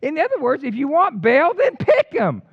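An older man preaching a sermon in an animated storytelling way, with casual slang. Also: very high-pitched, moderate pace, no echo. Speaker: pastor. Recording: dull lo-fi dry recording.

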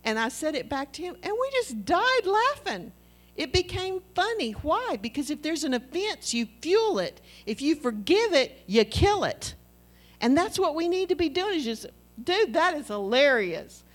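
A middle-aged woman preaching a sermon in an animated, conversational way, acting out little dialogues with her husband. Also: high voice, normal speed.

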